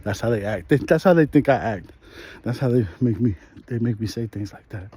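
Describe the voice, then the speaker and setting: A man's voice: mid-range voice, animated, a little fast, mellow, husky. A man in his thirties with a New York accent, rambling casually in slang while walking down a residential street and filming on a phone. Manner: laid-back slangy rambling, laughs often. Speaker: vlogger host. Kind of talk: casual walk-and-talk chat.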